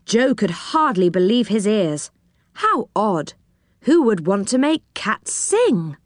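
A woman reading a children's story aloud in a gentle, unhurried storytelling manner. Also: mid-range voice, very animated, no room sound, clean studio sound.

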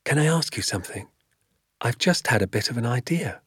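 A man voicing an eager, earnest young boy in an audiobook, raising his voice high for the child. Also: lively intonation, fairly quick, fairly bright tone, breathy edge, no room sound, clean studio sound. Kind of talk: audiobook character voice.

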